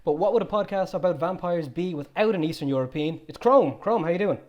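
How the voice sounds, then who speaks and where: A man's voice: sits high, fast talker, a little mellow, dull audio. A man in his twenties hosting a casual podcast chat, full of teasing banter. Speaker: podcast host.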